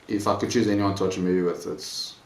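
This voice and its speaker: A man's voice: low voice, level tone, fairly quick. A young man chatting casually about movies, laid-back and rambling, with lots of "like". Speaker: movie vlogger. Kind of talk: casual chat. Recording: echoey room, faint background noise.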